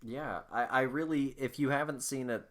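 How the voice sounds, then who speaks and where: A man's voice: mid-range voice, normal speed, a bit bright. A man co-hosting a film podcast, explaining his thoughts on a movie in a thoughtful, casual way. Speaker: podcast co-host.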